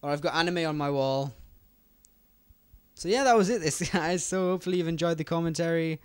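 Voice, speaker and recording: Fast-talking young British man, clear voice. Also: on the high side, dry recording. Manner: fast, rambling, chatty, addresses viewers directly. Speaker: gaming YouTuber. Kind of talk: gameplay commentary.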